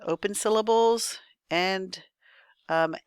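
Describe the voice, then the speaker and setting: A woman's voice: medium pitch, slow pace, smooth, dry recording, clean studio sound. A woman teacher giving a recorded spelling lesson, thinking aloud patiently and checking in with her students.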